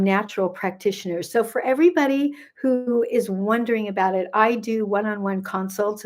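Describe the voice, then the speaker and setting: She's a gut health coach in her sixties, close to seventy, with a voice in the middle range. Chatting casually on a livestream from her phone, she greets viewers by name and meanders into side stories.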